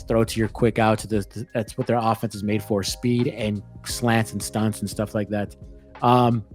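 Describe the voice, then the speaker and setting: A man's voice: mid-range voice, a little mellow. Rambling male sports podcast host. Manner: rambling, ranting, many restarts. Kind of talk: casual sports betting chat.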